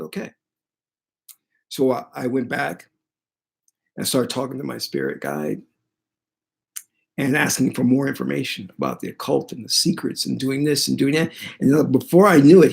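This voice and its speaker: A man who teaches spirituality, retelling a personal story in an animated, dramatic way. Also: mid-range voice, vocal fry. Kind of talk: storytelling monologue.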